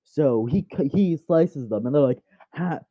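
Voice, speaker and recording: A man's voice: mid-range voice, lively intonation, moderate pace, no room sound. A man rambles through a fan story in casual, off-the-cuff talk, full of fillers and restarts. His voice sits mid-range and is recorded close and dry on a dull, lo-fi mic.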